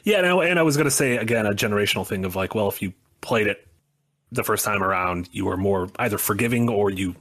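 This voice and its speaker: A man's voice: lowish voice, fast, fairly bright tone. A man co-hosting a casual podcast, talking in a chatty, thoughtful way with many fillers. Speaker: podcast co-host. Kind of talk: casual chat.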